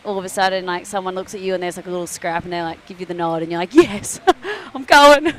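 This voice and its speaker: A young Australian woman, a surfer, chatting casually on a live broadcast, telling stories with lively acted-out quotes and laughter. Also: fairly low pitch, very fast. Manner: bubbly storyteller, acts out quoted voices, laughs often. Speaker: surfer commentator. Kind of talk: casual chat. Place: outdoors at a beach event.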